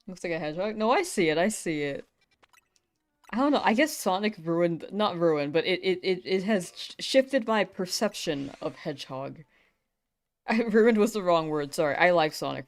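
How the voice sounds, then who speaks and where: A young American woman with a fairly low pitch chats casually with viewers on a live game stream, giggling often between remarks.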